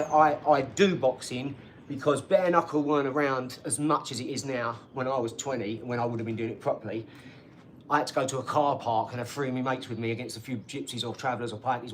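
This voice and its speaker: A middle-aged man chatting casually on his livestream, rambling from point to point and bragging with excitable energy. He sits at a middle pitch, and a faint hiss of noise runs underneath. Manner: rambling, boastful and excitable, with frequent tag questions. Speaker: channel host reading viewer comments.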